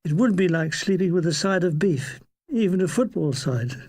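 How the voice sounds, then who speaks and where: An older man reading a comic memoir aloud with dry, deadpan wit. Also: high voice, moderate pace, slightly rough. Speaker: narrator.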